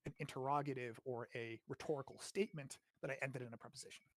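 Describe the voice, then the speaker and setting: Teaching grammar in a relaxed, talkative way, this American host keeps asking "right?" and throws in the occasional swear. He talks quickly in a steady, mid-range voice, recorded dry with studio quality.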